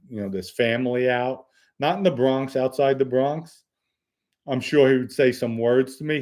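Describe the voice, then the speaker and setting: Brief: New man hosting a live chat, plain-spoken and blunt, middle-pitched voice. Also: darkish tone. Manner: blunt, matter-of-fact, reads chat comments aloud. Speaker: host answering viewer questions. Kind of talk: casual live-stream chat.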